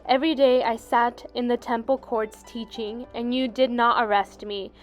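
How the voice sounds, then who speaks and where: A calm, solemn man answers his accusers in a steady voice that sits a little high, as a woman reads his words. His delivery is measured. Soft music plays underneath. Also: natural voice. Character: calm male teacher facing his accusers.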